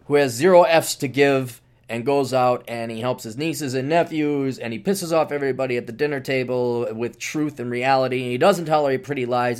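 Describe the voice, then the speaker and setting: A man hosting a casual podcast monologue, talking in a sarcastic, ranting way. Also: medium pitch. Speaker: podcast host.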